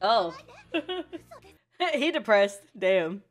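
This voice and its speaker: A young woman giving casual, excitable reaction commentary on an anime, swearing freely and laughing often. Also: mid-range voice, very slow, faint music behind.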